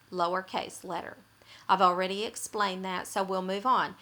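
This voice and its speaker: A woman's voice: medium pitch, pushed and bright. A woman teaching writing rules, explaining grammar patiently and repeating her points for emphasis.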